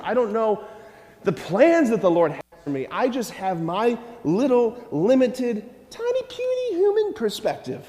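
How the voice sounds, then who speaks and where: A man, a Catholic priest, preaching a lively homily, animated and questioning the congregation. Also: sits high. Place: church. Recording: long church reverb.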